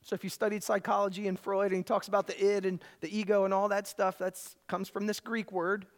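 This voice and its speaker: A preacher delivering a sermon in a church service, emphatic and prone to repeating key phrases, swelling to loud excitement at the high points. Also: a little fast.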